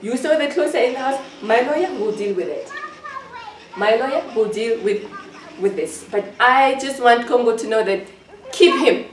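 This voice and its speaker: A woman's voice: a little high, animated, normal speed, noisy background. A woman giving an emotional interview, sounding hurt and accusing, and repeating herself as she talks. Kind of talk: emotional personal testimony. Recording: echoey room, distant mic.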